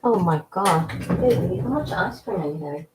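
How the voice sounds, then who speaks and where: A woman's voice: lowish voice, animated, moderate pace, echoey room, very noisy. A woman in playful, curious casual chat with her partner.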